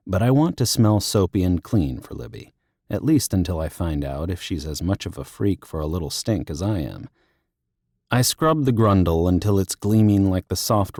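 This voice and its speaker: A young man narrating a romance audiobook in the first person, his voice low and mellow. He reads in a wry, intimate and playful way, close to the mic in a dry studio with no room sound. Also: no room sound.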